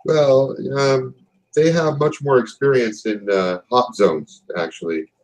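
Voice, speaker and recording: A man voicing a stern but wry male company boss who talks in a measured, businesslike way, pausing on fillers. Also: medium pitch, pitched above the performer's own voice, natural voice, rough recording.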